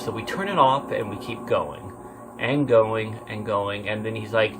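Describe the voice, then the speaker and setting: A man telling a true horror story in a casual, rambling way, swearing often and swinging from hushed to loud. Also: fairly low pitch, steady tone, moderate pace, over music. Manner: rambling, swears often, many fillers and restarts.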